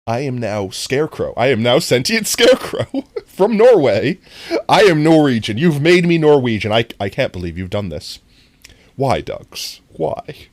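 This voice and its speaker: A live streamer chatting casually to viewers while playing, goofy and rambling, often breaking into high laughter. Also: big pitch swings, a little slow, no echo. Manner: talks directly to chat. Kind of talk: casual gameplay stream chat.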